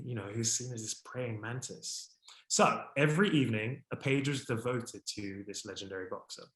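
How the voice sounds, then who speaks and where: A man giving a history talk, expressive and enthusiastic, lifting his voice when excited and reading a French poem aloud with care. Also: reverberant, rough recording. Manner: expressive, warm about his subject, rises in pitch and volume when excited. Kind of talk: presentation to an online audience.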